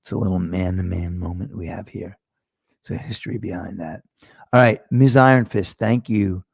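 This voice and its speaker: Male livestream host, gravelly and dry-sounding, casual and profane with his viewers. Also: lowish voice, darkish tone, no room sound. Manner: loose, profane, joking, talks to chat viewers.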